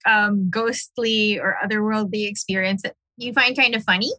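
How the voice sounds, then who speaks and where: A woman's voice: mid-range voice, fairly even intonation, normal speed, sharp tone, no room sound. A woman hosting a podcast, chatting playfully with her guest and reacting with short quips. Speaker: podcast host. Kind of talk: casual chat.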